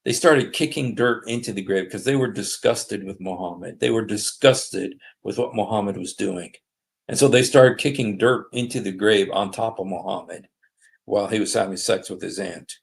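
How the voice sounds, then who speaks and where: Speaking into a desktop streaming mic, this livestream host offers casual commentary while reading passages out loud. His voice is low and gravelly, and his slow delivery keeps stalling on "uh"s and "sorry"s.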